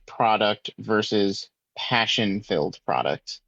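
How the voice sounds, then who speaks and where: A man co-hosting a podcast in casual chat, relaxed and thinking aloud with plenty of fillers. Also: lowish voice, takes it slowly, no echo, highs cut off. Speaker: podcast co-host.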